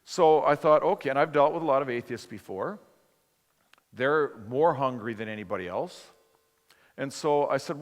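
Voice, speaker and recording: A man preaching a sermon as a lively, conversational story, acting out both sides of a dialogue. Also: medium pitch, normal speed. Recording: long hall reverb.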